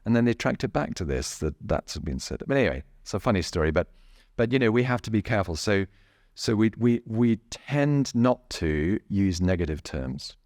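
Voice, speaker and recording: A man with a very low, deep voice talks through body mechanics in an easygoing, careful way. He chuckles often and stumbles over his restarts. The sound is dry and close. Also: very animated, dry recording. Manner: gentle, chuckling, halting with many restarts. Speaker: bodywork therapist. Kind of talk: casual explanatory chat.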